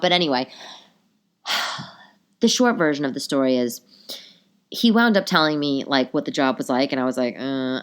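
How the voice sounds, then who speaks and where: A woman's voice: low voice, smooth. Chatty, slightly nasal woman podcaster. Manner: chatty, rambling storytelling with asides. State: a bit nasal from a cold. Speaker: podcast host. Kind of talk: casual solo podcast chat.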